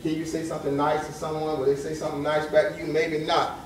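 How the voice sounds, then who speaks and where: Forties guy giving a talk to young men, slightly high voice, echoey hall, mic far off. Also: flat delivery, quick pace, a little hiss or hum. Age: 40s. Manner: conversational, direct questions to the audience. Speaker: lecturer. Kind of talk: motivational lecture to young men. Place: lecture hall.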